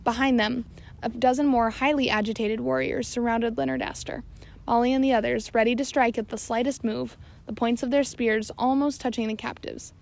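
Woman with a gravelly voice reading aloud. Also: a little high, moderate pace. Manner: steady reading with occasional slips and self-corrections. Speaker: audiobook narrator. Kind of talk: scripted narration.

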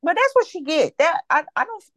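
A woman hosting a casual gossip chat, animated and swooping up high when she quotes people. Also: fairly quick, dry recording, studio quality. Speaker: host.

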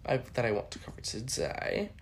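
A young adult host chatting solo in a campy, playful way. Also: male voice, medium pitch, wildly swooping pitch, gravelly, a little hiss or hum. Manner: chatty, campy, jumps into quick impressions. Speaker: podcast host. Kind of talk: casual solo chat with impressions.

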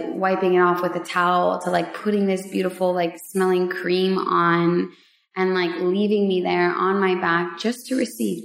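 A woman on a vlog, telling a personal story in a casual, heartfelt way, with emotional pauses and many fillers. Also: on the low side, creaky, echoey room. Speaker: vlogger sharing a personal story.

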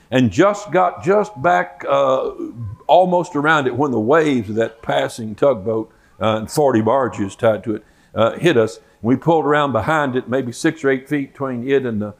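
An older man, a Bible teacher, telling a folksy personal story in a sermon and acting out the quoted lines. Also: medium pitch.

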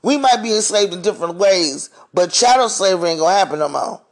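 Heated, profane man ranting, high voice. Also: lively intonation, fast talker. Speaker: podcast host. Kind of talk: ranting monologue.

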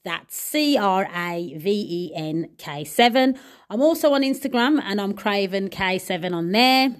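This young podcast host has a medium-pitched voice with lively intonation and a slightly slow delivery. Chatting casually on her solo show, she tosses out playful asides and laughs a lot.

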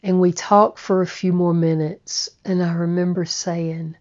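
A woman telling a personal recovery story in a slow, halting way, often repeating words. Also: fairly low pitch, level tone, a little mellow. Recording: muffled lo-fi recording.

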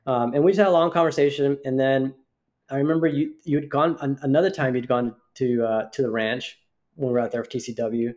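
A man's voice: mid-range voice, steady tone, brisk, darkish tone. A man co-hosting a podcast, telling a rambling story in casual chat with many restarts. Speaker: podcast co-host.

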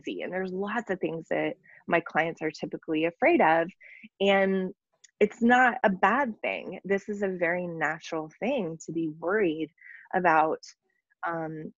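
A woman's voice: on the low side, dry recording, dull audio. A woman business coach talking earnestly in an interview, tired after little sleep, with many ums and likes. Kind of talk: casual interview conversation.

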